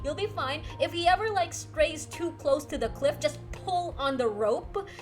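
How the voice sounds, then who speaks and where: A woman's voice: high-pitched, measured pace, faint music behind. A young woman, casually telling a story on her livestream and answering chat, laughing often as she talks. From Philippines. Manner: giggly, lively, laughs often mid-sentence. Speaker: streamer.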